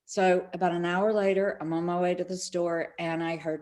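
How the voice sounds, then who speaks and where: A woman's voice: lowish voice, normal speed. A middle-aged woman, a spiritual speaker, telling stories in an interview and acting out the quoted dialogue. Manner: animated, acts out quoted dialogue. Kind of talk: storytelling in an online summit interview.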